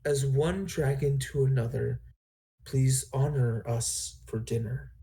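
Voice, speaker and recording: A man voicing a tearful half-dragon elven barmaid woman, high and breathless as she weeps in a tabletop game. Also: fairly even intonation, slow pace, dark tone, heavily acted. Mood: earnest. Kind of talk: tabletop role-play voice acting.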